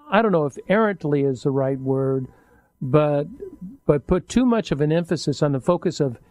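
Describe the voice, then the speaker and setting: An older man hosting a radio talk show, speaking in a halting, reflective way and often correcting himself mid-sentence. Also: a little high, darkish tone, no room sound. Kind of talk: casual interview chat.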